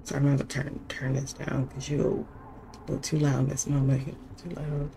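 A woman's voice: a bass voice, completely flat delivery, moderate pace, creaky, mellow, a little hiss or hum. A woman hosting a casual game commentary from home, jittery and dropping to nervous whispers as she plays. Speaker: gaming channel host.

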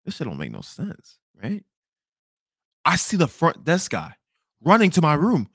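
A young man spins a storytime monologue in a bright, forceful voice, his pitch leaping all over. He swears freely and jumps between loud outbursts and low mutters, recorded dry and close. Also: wildly swooping pitch, a little slow, pauses often, slightly rough, no room sound. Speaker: podcast host.

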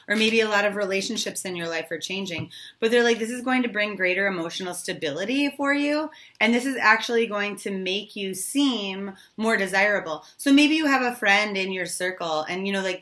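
Hoarse, chatty young woman reading tarot. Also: mid-range voice, pushed and bright. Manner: chatty, informal, swears casually. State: hoarse, has lost her voice. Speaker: tarot reader. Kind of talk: casual tarot reading to camera.

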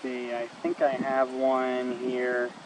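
A man filming wildlife outdoors by a marsh, musing aloud and soothing a bird in a gentle, coaxing way. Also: medium pitch, monotone, takes it slowly. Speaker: wildlife videographer. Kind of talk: casual narration while filming. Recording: outdoor wind and ambient noise. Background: wind, birds and passing vehicles.

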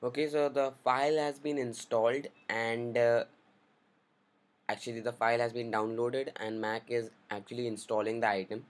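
A man's voice: medium pitch, flat delivery, moderate pace. A man in a mid-range voice guides viewers through a computer setting. He speaks in a casual, upbeat way and lays out each click in plain steps. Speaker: tech tutorial host. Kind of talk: screen-recorded software tutorial.

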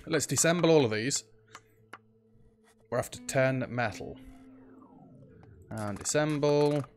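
Man, let's play commentary, mid-pitched voice, faint music behind. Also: unhurried. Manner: chatty, thinks aloud while playing, frequent ums. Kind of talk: casual gameplay commentary.

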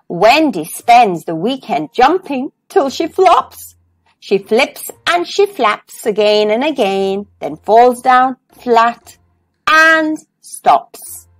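A woman's voice: a little high, animated, slow pace, dry recording, faint music behind. A woman reading a children's phonics storybook aloud in a sing-song storytelling way. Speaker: storybook reader.

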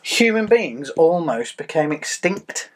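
A man in casual chat as co-host, teasing his partner in a dry, deadpan way. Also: fairly high pitch, slow pace, noisy background.

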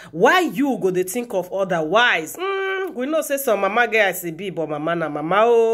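A woman with a Nigerian accent presenting celebrity news, mixing lively commentary and preachy asides with slow read-outs of posts. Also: a little high. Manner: animated, preachy asides, exclamations; reads posts slowly. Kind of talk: gossip news commentary in Pidgin.

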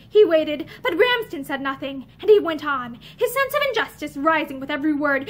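A woman with a high voice reads an old novel aloud, seated before shelves full of books. She gives the spoken lines a touch of character while the narration stays plain. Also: very animated, normal speed, few pauses. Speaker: audiobook reader. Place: room with bookshelves.

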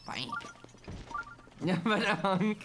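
A gaming streamer giving casual let's-play commentary, playful and affectionate, often dropping to a soft murmur. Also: medium pitch, lively intonation, drawn-out words. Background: game music.

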